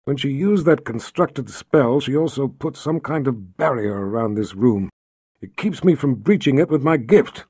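A man's voice: medium pitch, expressive, moderate pace, darkish tone, husky, no echo. A male narrator voicing a weary, wry older wizard, grumbling dryly. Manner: grumbling, dry.

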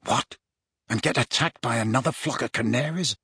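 A man's voice: mid-range voice, normal speed, sharp tone, slightly rough, no echo, studio quality. A man voicing a sulky teenage schoolboy who mutters.

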